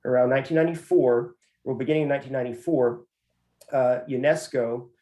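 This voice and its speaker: A university professor speaks as a guest in a measured, deliberate way, filling his pauses with "uh." His voice is dark and mellow. The sound is roomy and echoey. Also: mid-range voice, fairly even intonation. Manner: measured, with many "uh" fillers. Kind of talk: interview answers. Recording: roomy echo.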